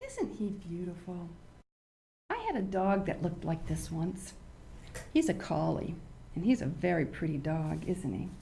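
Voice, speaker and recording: An older woman hosting a children's show, teaching young kids in an animated, teacherly way and asking them questions. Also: on the low side, moderate pace, gravelly, slight background noise.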